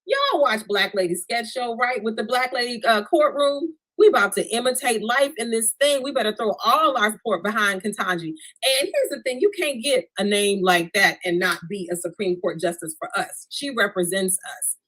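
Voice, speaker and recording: Woman, stand-up comedian, animated, addresses audience directly, video call. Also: a little high, normal speed, hardly any pauses, rough recording. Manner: animated, talks straight to the crowd with "y'all". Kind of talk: stand-up comedy set over a video stream. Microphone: remote video call.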